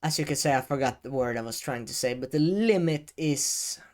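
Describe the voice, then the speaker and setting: A man in a talking-head video addresses the camera at a middle pitch. He speaks deliberately, pausing often and leaning hard on important words. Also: darkish tone. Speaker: educational video creator. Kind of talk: talking-head advice vlog. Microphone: camera-facing setup.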